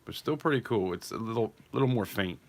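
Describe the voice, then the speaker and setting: A man's voice: on the low side, animated, brisk. A man hosting a live online auction, calling out bids and chatting in rambling asides between them. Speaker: live auction stream host.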